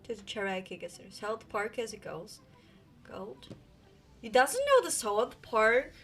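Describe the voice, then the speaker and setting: A chatty woman streaming live with a Japanese accent, her voice sitting a little high and sounding crisp and bright. She hops back and forth between Japanese and English in a loose, casual way. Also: sing-song, normal speed.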